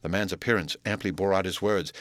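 A man narrating a classic novel as an audiobook, in a steady, measured storytelling voice. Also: low-pitched. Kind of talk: scripted narration.

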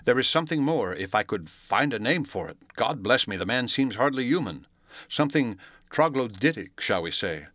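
A man voicing a respectable middle-aged lawyer who speaks in a measured, formal, earnest way, read from a classic story. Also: mid-range voice, lively intonation, fairly bright tone, no echo, clean studio sound, natural voice. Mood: perplexed, troubled.

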